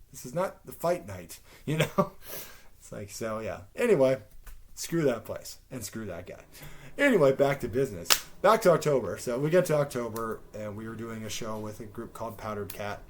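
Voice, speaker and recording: A man's voice: medium pitch, a little hiss or hum. Rambling, swearing man telling a story. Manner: rambling, swears often, animated retelling with quoted voices. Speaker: podcast host. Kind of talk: casual storytelling.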